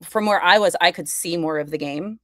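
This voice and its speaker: Low-voiced chatty woman, podcast guest. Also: fairly quick, a bit bright, no echo, clean studio sound. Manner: enthusiastic, chatty, many fillers. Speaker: podcast guest, fashion content creator. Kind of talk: casual conversation.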